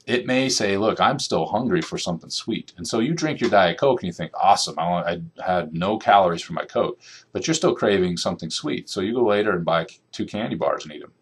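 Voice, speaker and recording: A middle-aged man with a very low voice lectures a class in a relaxed, conversational way. He keeps checking in with the room, tossing in "okay" and "right" as he goes. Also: slightly rough. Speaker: nutrition lecturer.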